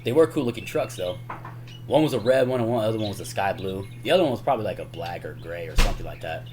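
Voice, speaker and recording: A man chatting casually about his favorite movie scenes for his channel. His voice swings lively up and down as he rambles, chuckles and keeps tossing in "man". Faint background noise sits under the recording. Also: on the low side, fast talker. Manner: rambling, chuckles often, says "man" and "y'all". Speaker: YouTuber.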